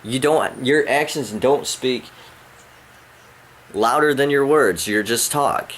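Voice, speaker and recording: A man ranting angrily at someone he addresses directly, profane and rambling, his pitch climbing when he gets worked up. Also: takes it slowly, a bit bright. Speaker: vlogger. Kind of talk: angry rant to the camera. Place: at home indoors.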